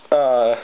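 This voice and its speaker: Man, unboxing commentary, excitable, stammering, apologetic, tinny phone-like sound, heavy hiss. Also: fairly high pitch, creaky. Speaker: card pack opener.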